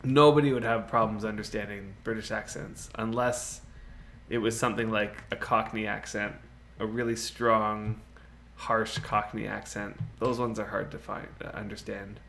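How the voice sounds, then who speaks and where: A man's voice: on the low side, level tone, moderate pace, gravelly, a bit bright, a little hiss or hum. A man chatting casually on a game live stream, rambling, laughing often and answering viewers' chat. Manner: laughs often, with many fillers like "you know".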